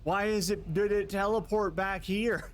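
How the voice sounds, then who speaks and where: A man streaming live gameplay, chatting casually with his viewers, quick to laugh and curse at what happens on screen. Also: sits high. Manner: excitable, laughs and swears at the game.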